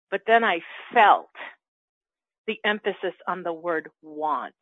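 A woman telling a personal story in casual spiritual chat, acting out her inner dialogue with animated quoted voices. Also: medium pitch, measured pace, no echo. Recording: dry, tinny phone-like line.

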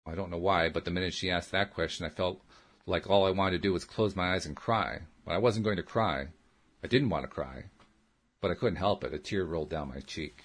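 A man's voice: sits low, a little fast, a bit bright, breathy edge. A man reading a first-person story aloud as an audiobook narrator, in a plain, earnest storytelling manner.

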